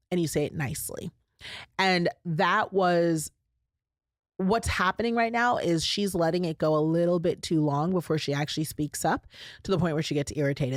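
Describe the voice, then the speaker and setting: A woman's voice: deep voice, no room sound, studio quality. A middle-aged woman hosting a podcast, talking casually and emphatically to her listeners in a chatty way. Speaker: podcast host. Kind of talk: casual solo podcast talk.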